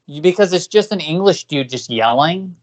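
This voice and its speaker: A man co-hosting a casual music podcast, rambling and restarting his sentences, now and then loudly mimicking the songs he talks about. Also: a little high, animated, moderate pace. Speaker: podcast co-host.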